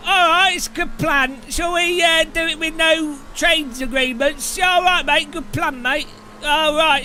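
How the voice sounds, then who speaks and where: A man voicing a lazy, beer-loving British bloke in an exaggerated cliche British accent, loud and chummy. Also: extremely high pitch, a little hiss or hum.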